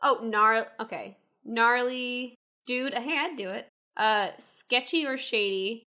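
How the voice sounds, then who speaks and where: A woman's voice: fairly high pitch, lively intonation, a little slow, bright, forceful tone. A woman hosting a casual podcast over a remote call, chatty and self-mocking, laughing often. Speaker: podcast host. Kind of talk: casual chat.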